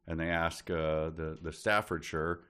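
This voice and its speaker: A man's voice: extremely low pitch, level tone, a little slow, a bit bright, smooth. A man co-hosting a casual book podcast, wry and joking as he recounts the story. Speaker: podcast co-host.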